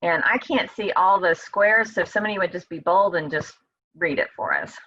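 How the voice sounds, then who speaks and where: Over a video call, a woman leads a Bible study in a relaxed, conversational style, sometimes giving voice to the psalmist's blunt cries. She speaks fairly quickly in a bright, mid-pitched voice with a breathy edge. The audio is dry and slightly dull, like a call, with no room sound.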